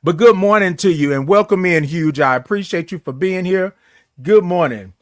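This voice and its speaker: Guy w a high voice hosting a morning stream, flamboyant n playful, stretches out his hellos, dry close sound. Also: dry recording. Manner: playful, flamboyant, drawn-out greetings and catchphrases. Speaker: host of a morning livestream show. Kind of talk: casual livestream chat reading viewer comments.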